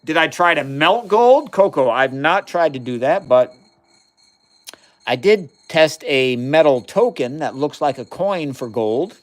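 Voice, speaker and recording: An enthusiastic man in his fifties with a slightly higher voice chats casually on a livestream. He explains acids and bases in plain words and reads out viewers' questions as he goes. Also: animated, unhurried. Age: 50s. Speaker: chemistry livestream host. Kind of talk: casual live-stream chat while doing experiments.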